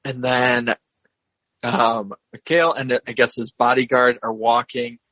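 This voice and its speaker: Husky guy on a podcast going through the plot step by step, kinda hesitant, dry dull sound. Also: medium pitch, level tone, a bit bright, dry recording. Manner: measured, hesitant, recounts scenes step by step. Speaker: podcast co-host. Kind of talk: casual film discussion, retelling the plot.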